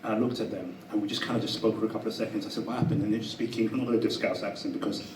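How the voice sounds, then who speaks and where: A man's voice: on the low side, racing, background noise. Guy telling a story on stage, laughs a lot, echoey room, mic kinda far. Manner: animated, laughing, conversational. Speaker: speaker at a live talk. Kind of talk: storytelling to a live audience. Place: event room with an audience.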